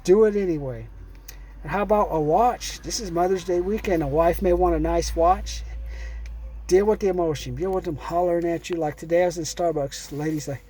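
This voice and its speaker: A man's voice: a little high, steady tone, fairly quick, darkish tone, breathy edge. A middle-aged man giving a rambling, pushy sales pep talk, swearing and calling the listener "man". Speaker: sales trainer. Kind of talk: casual motivational sales talk.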